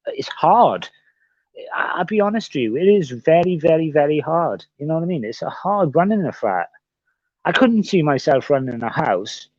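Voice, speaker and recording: A man's voice: fairly high pitch, very animated, moderate pace, no room sound. A man livestreaming in casual chat, rambling and swearing often as he repeats himself. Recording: dull, dry sound.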